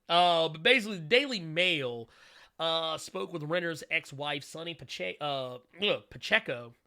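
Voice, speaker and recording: A man hosts a casual live-stream, his voice very bright and ringing and sitting a little high. He rambles in an animated way, full of restarts and quick asides to his viewers. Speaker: host.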